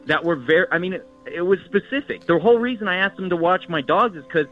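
A man's voice: sits high, lively intonation, quick pace, phone-quality sound, soft background music. A man calling in to a radio show, firm and aggrieved, explaining himself in detail. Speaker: caller on the phone. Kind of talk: phone-in radio talk.

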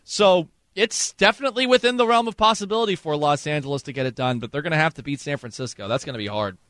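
A man's voice: on the high side, quick pace, a bit bright, no room sound, clean studio sound. A man co-hosting a sports radio show, chatty and enthusiastic in casual analysis.

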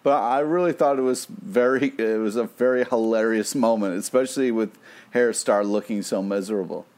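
A man's voice: lowish voice, fairly quick, darkish tone. A man co-hosting a casual podcast, gushing about a TV episode with lots of "like" fillers. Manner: enthusiastic, filler-heavy, with lots of "like". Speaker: podcast co-host. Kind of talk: casual chat.

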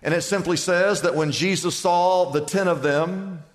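Speaking at a measured pace in a high voice, a male pastor delivers an emphatic sermon in a conversational style, heavy on repetition. The church sanctuary gives it long hall reverb.

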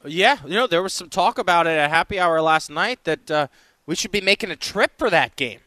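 A man's voice: high-pitched, lively intonation, a little fast, bright, forceful tone, no echo. A man hosting a live sports radio show, upbeat and chatty, reading out phone numbers between talk. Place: radio row at a sports event.

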